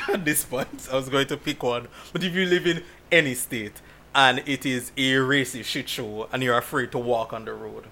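A man from Jamaica, chatting casually and telling stories in an animated way, laughing often. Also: medium pitch, moderate pace, slight background noise. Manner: animated storytelling with frequent laughs. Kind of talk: casual chat.

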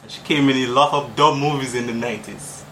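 A man's voice: medium pitch, steady tone, fast talker, sharp tone, slight background noise, poor audio. A man co-hosting a casual podcast, teasing the others and quizzing them playfully. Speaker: podcast co-host. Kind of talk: casual chat.

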